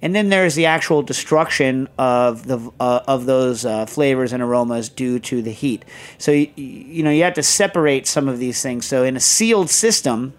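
Male podcast co-host, chatty and digressive, middle-pitched, easygoing tangents. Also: normal speed. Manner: rambling, digressive, heavy on fillers. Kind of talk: casual chat.

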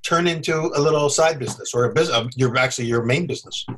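A man hosting an interview, supportive and quick to laugh along, asking follow-up questions. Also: medium pitch, background noise. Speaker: interviewer host. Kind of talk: casual interview.

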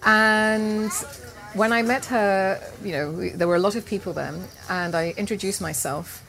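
A woman cooking teacher telling a lively personal story as an interview guest at an outdoor market event. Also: mid-range voice, a little slow, vocal fry. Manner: animated anecdote-telling with laughs and quoted voices. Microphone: handheld interview mic, live recording.

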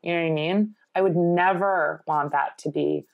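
A woman's voice: on the low side, steady tone, normal speed, gravelly, dry recording, phone-quality sound. A woman hosting a podcast interview, speaking in an earnest, effusive way and stringing many clauses together. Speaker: podcast host. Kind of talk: casual conversational interview.

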